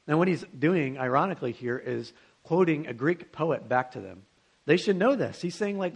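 A man's voice: fairly high pitch, lively intonation, normal speed, vocal fry, slightly rough. A young man preaching a sermon to students, in a conversational and earnest way, with rhetorical questions.

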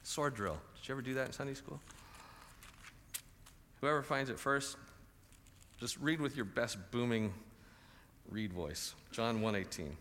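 A man's voice: medium pitch, measured pace, long pauses, fairly bright tone, a little hiss or hum. A man preaching a conversational sermon and asking the audience questions. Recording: reverberant large hall.

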